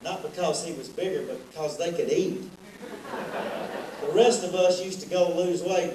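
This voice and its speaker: A man's voice: sits high, normal speed. Middle-aged man telling roast stories. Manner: joking storyteller, rambling anecdotes. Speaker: athletic director. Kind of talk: roast speech. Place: large banquet hall. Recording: echoey hall, distant and noisy.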